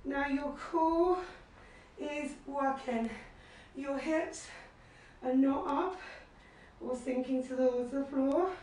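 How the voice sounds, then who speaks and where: A woman's voice: slow pace, long pauses, mellow, slight background noise. A woman leading a live workout class, out of breath as she cues moves and counts reps in an encouraging way. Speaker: fitness instructor. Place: living room at home. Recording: very echoey room, distant, low-quality web stream.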